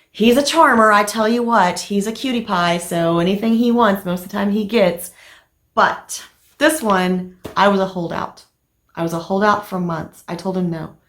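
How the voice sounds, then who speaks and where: Crafting vlogger, woman in her middle years, casual and talkative, medium pitch. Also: reverberant. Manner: chatty, animated storytelling with fillers. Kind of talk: casual chat to camera.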